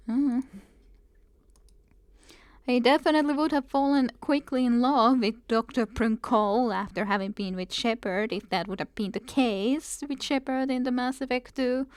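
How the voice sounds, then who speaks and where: A woman's voice: a little high, steady tone, normal speed, no room sound. A woman streaming a game, chatting casually and reading game text aloud. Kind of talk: casual gameplay commentary.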